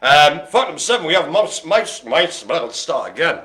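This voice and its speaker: Bright-voiced man calling bingo. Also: fairly high pitch, lively intonation, normal speed. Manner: playful, punning, laughing often. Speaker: bingo host. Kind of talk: jokey live bingo calling. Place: care home activity room.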